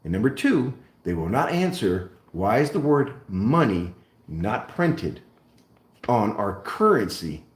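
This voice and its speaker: A man hosting a live stream, speaking emphatically and deliberately, repeating key points like a lecturer. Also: lowish voice, very animated, reverberant. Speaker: host. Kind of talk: live-stream monologue on precious metals.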